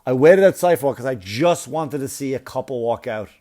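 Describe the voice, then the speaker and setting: A man's voice: medium pitch, fast talker. Profane man telling a comic story. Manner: profane, animated, laughs at his own story. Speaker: stand-up comedian.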